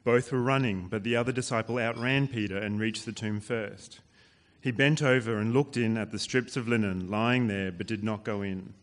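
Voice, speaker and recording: A man reading scripture aloud to a church in a steady, measured way. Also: lowish voice. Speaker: scripture reader.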